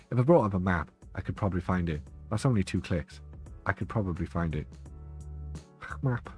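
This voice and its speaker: Low-voiced man chatting on stream. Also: fairly quick, faint music behind. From Wales. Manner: chatty and joking, laughs often. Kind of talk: casual live-stream chat.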